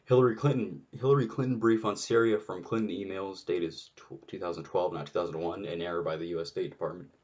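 This deep, steady, darkish male voice talks fast with few pauses, and the recording has its highs cut off. He's a political commentator on an unscripted solo rant, sarcastic and exasperated, cursing frequently, full of fillers and restarted sentences.

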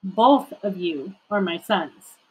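A woman's voice: medium pitch, lively intonation, takes it slowly, a little mellow, husky, full character voice, low-quality recording. A woman reading a joyful, loving father. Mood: tender. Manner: eager, tender.

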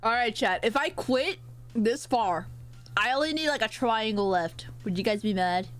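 Young woman streamer chatting while she eats, kinda high voice, jokey, swears a bit, faint music behind. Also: lively intonation, normal speed. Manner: playful and joking, reads out and thanks chat, swears casually. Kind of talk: casual live-stream chat while eating. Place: home, eating on camera.

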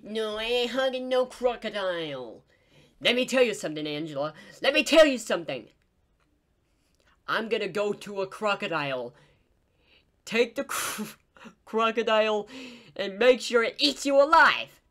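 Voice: mid-range voice, sing-song, unhurried, pauses often, fairly bright tone. A gameplay YouTuber doing a cranky cartoon duck voice, squawking insults and picking fights. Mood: bickering. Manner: squawky, bickering, trash-talking. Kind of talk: in-character game commentary.

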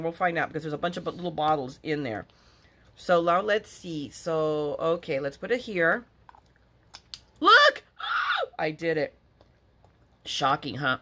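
Gushing, excitable woman crafter. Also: fairly low pitch. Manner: gushing, excitable, with sudden gasps and squeals of delight; chatty, rambling, often restarting sentences. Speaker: craft vlogger. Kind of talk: casual unboxing chat to viewers.

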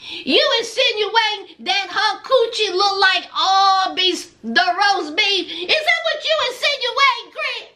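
A woman with a very high, bright, sharp voice dishes gossip about a reality show. She talks slowly and with sass, and her pitch swoops up and down in big animated arcs. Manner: sassy, gossipy, calls listeners "child" and "honey". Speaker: reality show recap host. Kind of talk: casual sassy show recap.

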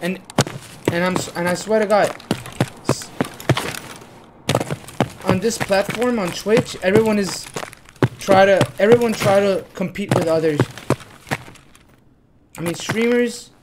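Woman game streamer, drawling and excitable, constant background noise. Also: mid-range voice, unhurried, long pauses. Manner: excitable, swearing, bursts into panicked shouting. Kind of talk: live gameplay commentary.

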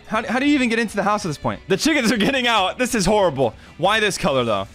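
A man's voice: sits high, very animated, quick pace, few pauses, fairly bright tone, faint music behind. A young man giving casual game commentary, often puzzled and full of questions. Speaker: gaming YouTuber.

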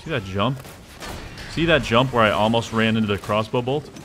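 A young man streaming a game, chatting casually with jokes and sudden excited exclamations as he plays. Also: fairly low pitch, moderate pace, slight background noise. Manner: rambling, joking, bursts into excited exclamations. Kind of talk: casual live gameplay commentary.

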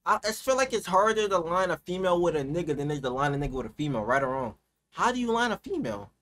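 A man hosting a reaction video in casual slang, his voice a little higher than most men's. He talks animatedly and often rises into loud, worked-up outbursts. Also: sing-song, rapid-fire. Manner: slangy, keeps saying "you feel me".

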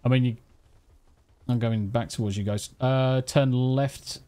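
A man's voice: medium pitch, fairly even intonation, a little slow, warm tone. A man streaming a game, chatting casually, swearing and teasing while thanking viewers. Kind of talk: casual live-stream chat. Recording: faint music behind.

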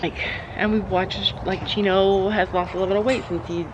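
A woman's voice: mid-range voice, fairly even intonation, moderate pace, dull audio, noisy background. A woman vlogging outdoors at a horse barn, talking in a rambling way with many restarts and fillers. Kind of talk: casual vlog chat.

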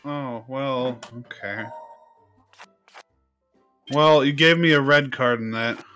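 Young-sounding male gaming host, bright, teasing friends over game music. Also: mid-range voice, takes it slowly. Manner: excitable, teasing, laughs often. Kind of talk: casual gameplay chat with friends.

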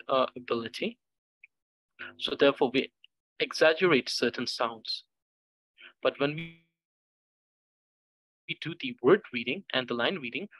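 A man teaching pronunciation, saying syllables slowly over and over for learners to repeat. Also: medium pitch, sharp tone. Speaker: language teacher. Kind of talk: slow pronunciation drill.

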